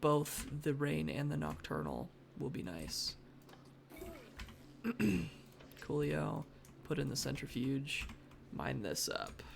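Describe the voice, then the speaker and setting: Gravelly, lively live-game streamer. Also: medium pitch, a little hiss or hum. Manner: thinks aloud, mock-dramatic outbursts of frustration. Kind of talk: live gameplay commentary. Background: faint background music.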